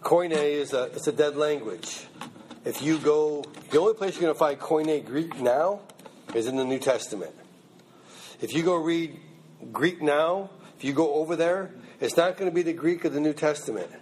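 Male Bible teacher, relaxed classroom talk, a touch high, light background noise. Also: moderate pace. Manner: conversational, checks in with "okay?" and "you know what I mean?". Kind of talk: informal Bible class lecture.

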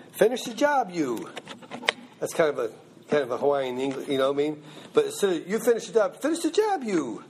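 A man's voice: on the high side, breathy edge. A man teaching a Bible class in a loose, conversational way, often checking in with his listeners. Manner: conversational, checks in with "okay?" and "you know what I mean?". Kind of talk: informal Bible class lecture.

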